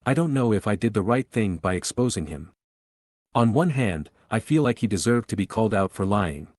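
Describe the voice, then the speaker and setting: A man narrating a forum post aloud in an even, steady reading voice. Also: fairly low pitch, moderate pace, dry recording, clean studio sound. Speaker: story narrator.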